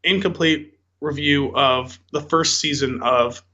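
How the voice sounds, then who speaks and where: A man co-hosting a casual podcast tells stories in a rambling way, packed with "like" and "um." His voice is fairly high, slow, and sharp, and the recording sounds muffled.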